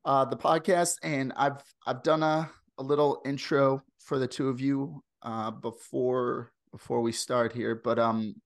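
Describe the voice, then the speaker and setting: A man's voice: medium pitch, fairly even intonation, a little slow, hardly any pauses, no room sound, studio quality. A man with a Midwestern American accent hosting a podcast over a video call, chatting casually and rambling with lots of fillers. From St. Louis, USA. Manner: rambling, digressive, many fillers. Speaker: podcast host.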